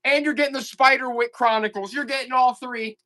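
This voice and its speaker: Fairly even in intonation, a bit fast, and pushed and bright, this voice comes from a live online auction seller. The hype is comic and exasperated, with repetitive, urgent pitching that repeats offers and pleads with the audience.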